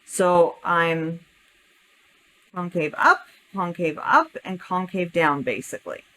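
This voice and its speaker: A woman's voice: fairly low pitch, slow, bright, forceful tone, low-quality recording. A woman teaching a calculus lesson step by step, thinking aloud and correcting herself as she draws a graph. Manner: thinking aloud while drawing, self-correcting. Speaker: math teacher.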